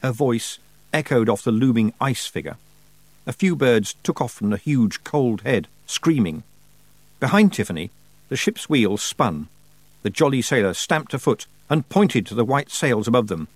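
Lively, expressive male audiobook narrator. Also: medium pitch, normal speed, no echo. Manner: expressive storytelling.

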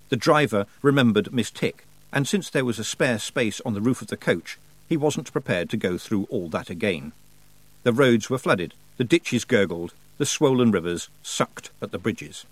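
A man narrating a story in an expressive storytelling manner. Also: lowish voice, no echo, rough recording. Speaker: audiobook narrator. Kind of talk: scripted narration.

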